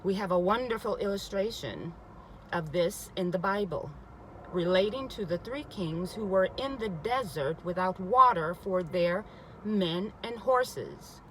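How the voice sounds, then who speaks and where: A woman reads a spiritual book aloud at a mid pitch, expressive and unhurried, putting emphasis on key lines. Every so often she stops to repeat a passage or comment on it. The audio is poor, with a faint hiss in the background.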